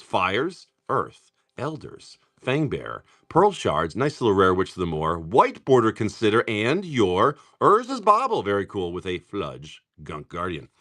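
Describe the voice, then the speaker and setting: Lively, bright-voiced man on a card stream. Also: on the low side. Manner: rapid card-name rundowns mixed with joking stories. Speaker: live stream card-pack seller. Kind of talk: casual live-stream chat while opening card packs.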